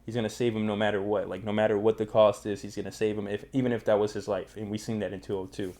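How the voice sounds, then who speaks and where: A young man hosting a casual manga review channel, talking in energetic slang with lots of fillers. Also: lowish voice, quick pace. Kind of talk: casual chat, recapping a manga.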